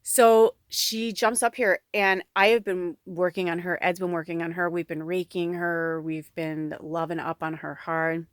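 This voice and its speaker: A chatty woman vlogger with a fairly low voice rambles to her viewers in a dry, close recording. Her talk is full of fillers and easy laughter, with casual swearing mixed in. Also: fairly even intonation, measured pace, few pauses, smooth, no room sound. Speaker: spiritual medium vlogger. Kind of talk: casual rambling monologue to camera.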